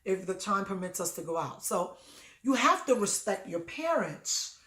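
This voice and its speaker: A woman hosting an advice show, telling a personal story in a conversational, animated way that lifts high when she quotes herself. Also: moderate pace. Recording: echoey room.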